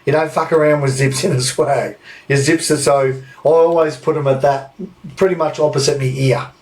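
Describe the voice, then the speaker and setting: A man's voice: on the high side, fairly even intonation, moderate pace, darkish tone. An Australian man hosting a podcast, telling a story in a casual, sweary way and laughing often. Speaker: podcast host. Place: indoor room, recorded live.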